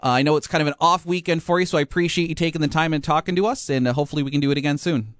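A man's voice: fairly high pitch, racing, dry recording, clean studio sound. A man hosting a sports radio show, chatting casually with many fillers and restarts.

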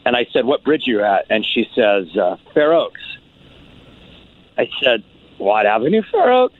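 Comedian man telling a story over a tinny line. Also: unhurried. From California. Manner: animated storyteller, acts out his lines in a higher voice. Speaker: stand-up comedian. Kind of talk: podcast guest storytelling.

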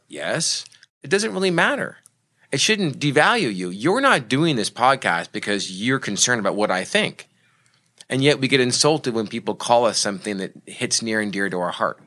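A man's voice: mid-range voice, lively intonation, moderate pace, bright, forceful tone. A man who works as a motivational speaker and coach, explaining his ideas in an earnest, reflective way during a casual podcast chat.

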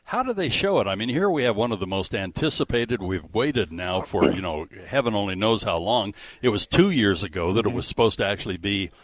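Lively, low-voiced radio host. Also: male voice, a little fast, few pauses, no echo. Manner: teasing, chuckling, animated. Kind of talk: casual radio chat.

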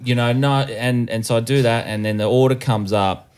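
A man's voice: medium pitch, fairly even intonation, moderate pace, a little mellow, clean tone. A man, a guest comedian telling a rambling, sweary story on a casual podcast. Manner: rambling, full of restarts and swearing.

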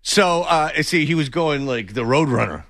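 A man's voice: a little high, expressive, moderate pace, a bit bright, no echo. A man co-hosting a casual radio sports chat with joking, rambling banter. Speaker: co-host.

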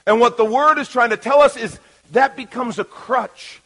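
A man preaching a sermon as pastor, lively and playful, swinging from loud calls to the crowd to quiet asides. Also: very high voice, normal speed, rough recording.

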